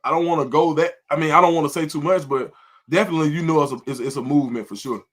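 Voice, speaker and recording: A man's voice: fairly high pitch, very fast, a bit bright. Rambling fan on a sports talk show, man. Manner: rambling, many fillers and restarts.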